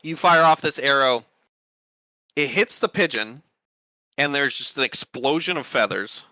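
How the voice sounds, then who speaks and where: Game master, male, very bright tone, rambling casual narration, dry close mic. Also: mid-range voice, animated, measured pace, dry recording. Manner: rambling, many fillers.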